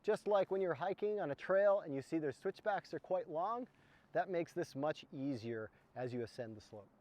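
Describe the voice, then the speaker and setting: High-voiced man teaching on a snow slope. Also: darkish tone, highs cut off. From United States. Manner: explains step by step while demonstrating. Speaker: mountaineering instructor. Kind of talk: outdoor skills demonstration.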